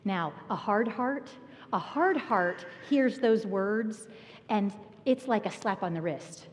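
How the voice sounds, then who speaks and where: A woman pastor preaching a sermon, telling a personal story with animated energy and laughter. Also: medium pitch, slow pace. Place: church sanctuary. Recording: long reverb of a church hall.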